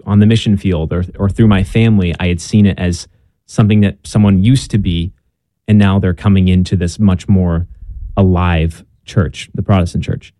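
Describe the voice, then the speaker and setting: Earnest young man with low mellow voice. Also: steady tone, normal speed, no room sound. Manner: earnest, self-deprecating, with frequent ums and restarts. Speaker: guest. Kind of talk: casual conversation about faith.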